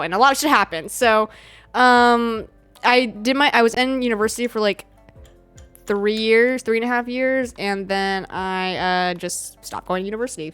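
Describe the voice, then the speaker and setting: A woman's voice: mid-range voice, a bit bright, smooth. A young American woman streaming, chatting casually with her live chat, laughing often and swearing freely.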